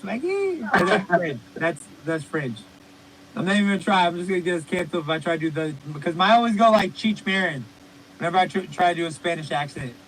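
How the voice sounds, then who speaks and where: A man's voice: fairly high pitch, fast talker, background noise. A man co-hosting a podcast, telling rambling, profane stories in casual comedic chat. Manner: rambling, profane, animated storytelling. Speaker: podcast co-host.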